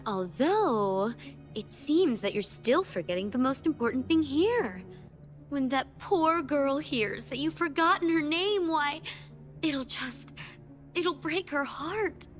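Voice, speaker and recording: A woman's voice: high-pitched, animated, slow pace. A woman voicing a sly young woman villain in a video game, speaking in a mocking, teasing drawl. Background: faint game music.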